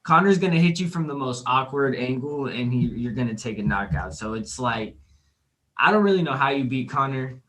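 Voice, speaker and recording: A man's voice: mid-range voice, expressive, moderate pace, a bit bright, rough recording. A blunt man who swears casually while chatting on a podcast. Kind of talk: casual chat.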